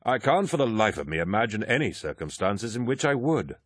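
A man's voice: on the low side, sing-song, fairly quick, breathy edge, no echo, clean studio sound, voice pushed up. A man voicing an insolent, mocking warrior captain who barks orders.

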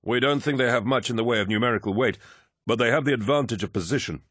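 A man's voice: mid-range voice, fast, a bit bright, no echo, clean studio sound, voice pushed up, lightly acted. A man voicing a nervous, worn-out army officer who speaks through a mask with ragged, pained breathing. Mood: urgent warning. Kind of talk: audiobook character voice.

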